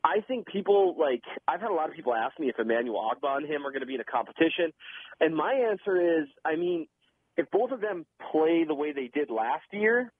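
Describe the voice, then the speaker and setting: A man breaks down players in casual chat, speaking quickly with lots of restarts. His voice is slightly raised and husky. It comes through a tinny, dry phone line. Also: a little high, no room sound. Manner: quick, animated, restarts often. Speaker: football analyst guest. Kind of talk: casual sports talk.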